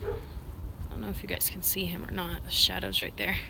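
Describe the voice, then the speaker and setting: A woman hosting a casual live stream, talking to viewers, laughing often and giving short, firm commands to her excited dog. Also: lowish voice, a little fast, vocal fry, background noise. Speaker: live-stream host training and feeding her service dog.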